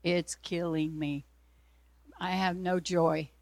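A woman's voice: on the low side, steady tone, takes it slowly, darkish tone, dry recording. A woman preacher giving an earnest sermon testimony, telling her story and acting out her own prayers and God's replies.

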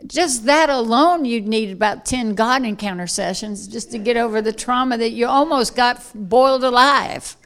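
A woman preaching an informal sermon to a room of listeners, acting out scenes with sudden loud bursts. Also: a little high, moderate pace, few pauses.

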